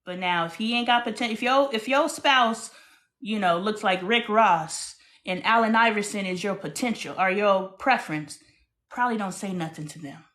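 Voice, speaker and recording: A woman in her thirties hosting a casual live stream, speaking frankly and with animation, swinging between loud bursts and hushed asides. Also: medium pitch, normal speed. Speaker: host.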